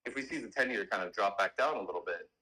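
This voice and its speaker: Male guest trader, bright tense voice, rambling casual explainer. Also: on the low side, fast talker, poor audio. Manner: rambling, many fillers and restarts. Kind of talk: casual trading talk on a call.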